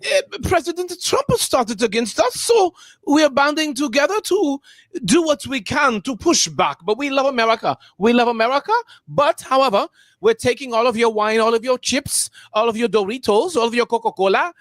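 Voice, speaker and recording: A man's voice: high-pitched, expressive, moderate pace, vocal fry, few pauses, fairly bright tone, husky, full character voice. A man imitating a defiant foreign man from Europe interviewed on the news, insistent and repeating himself.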